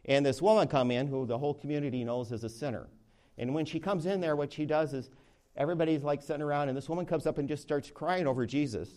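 Male Bible teacher, conversational, lifts his voice on key phrases, reads scripture slowly. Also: fairly high pitch. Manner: lively, rising emphasis on key words, slows for scripture reading; conversational, with restarts. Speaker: Bible study leader. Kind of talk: sermon-style Bible teaching.

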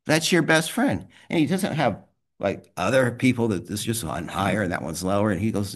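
A man's voice: medium pitch, big pitch swings, brisk, breathy edge. A man leading a small men's group, giving a rambling, conversational devotional talk and praying, laughing often. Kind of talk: informal devotional talk and prayer. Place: small private group meeting.

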